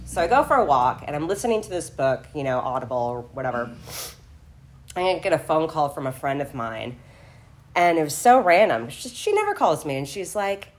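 A woman's voice: low-pitched, big pitch swings, normal speed. A woman telling her own recovery story, emotional and tearful, rambling with many fillers. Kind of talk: personal testimony at a recovery meeting.

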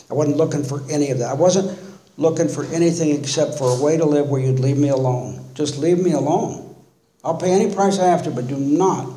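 A man's voice: mid-range voice, warm tone. A man sharing his own recovery story at a meeting, wry and self-mocking, acting out what he thought back then. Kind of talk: personal recovery talk. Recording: echoey room with faint noise.

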